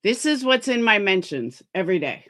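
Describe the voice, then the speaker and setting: A woman's voice: medium pitch, sing-song, fairly quick, a bit bright. Heated, swearing woman ranting on stream. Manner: heated, profane, exasperated ranting. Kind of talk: livestream commentary rant.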